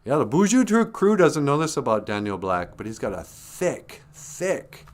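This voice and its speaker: Very animated and medium in pitch, an older man talks at a normal speed while hosting a casual livestream. He welcomes viewers, tells jokey stories, and laughs under his breath often.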